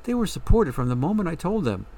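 A man's voice: fairly high pitch, very animated, fast, mellow, pitched above the performer's own voice. A man reading a story, voicing a troubled young woman who doubts she deserves love, in a hesitant, questioning way. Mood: uneasy.

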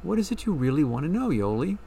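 A man's voice: on the high side, big pitch swings, vocal fry, dark tone, a little hiss or hum. A man doing a probing woman fortune teller. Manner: probing, measured questions.

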